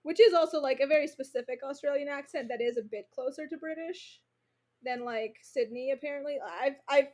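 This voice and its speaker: Woman on a geek podcast, high voice, rambles with lots of likes. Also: a little fast, mellow. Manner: rambling, many fillers. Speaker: podcast co-host. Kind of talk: casual podcast chat. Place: home, recorded remotely.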